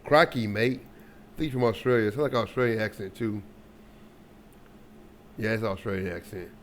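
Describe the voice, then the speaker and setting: A man's voice: lowish voice, a little fast, slight background noise. A man hosting a reaction video, chatting casually with slang and jokey asides.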